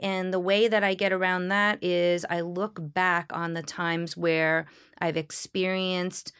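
A woman, a Reformed Jewish clergy member, speaking in a reflective interview with a smile in her voice and earnest, halting storytelling. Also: on the low side, little pitch movement, a bit bright, clear, resonant tone, dry recording, clean studio sound. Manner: smiling, earnest storytelling with frequent pauses and restarts. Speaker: Reformed Jewish clergy leading healing services.

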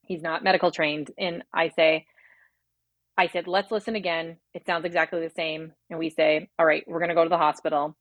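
A woman in her thirties with a low, fairly bright voice and little pitch movement tells her birth story, with no echo in the recording. She speaks quickly and rambles heartfelt, packing in fillers and acted-out quotes of her own thoughts. It's emotional personal storytelling.

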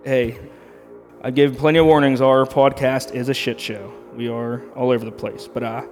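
A man's voice: medium pitch, level tone, normal speed, darkish tone, soft background music. A man in his thirties co-hosting a podcast, reviewing beer in a rambling, crude, joking way. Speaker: podcast co-host. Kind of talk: casual beer review chat. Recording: long reverb.

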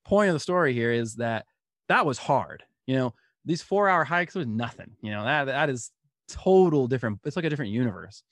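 Animated man telling his story. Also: medium pitch, fairly quick, dry recording. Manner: animated, laughs through stories. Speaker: guest. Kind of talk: storytelling interview.

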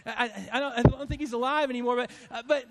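A pastor in his fifties, his voice very high-pitched, speaks to his church congregation in a heartfelt, halting way, choked up with emotion.

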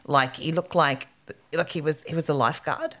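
A woman's voice: low-pitched, moderate pace, fairly bright tone. A woman, telling bawdy stories in a frank, rambling way full of "like" and restarts. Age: 50s. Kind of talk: casual chat.

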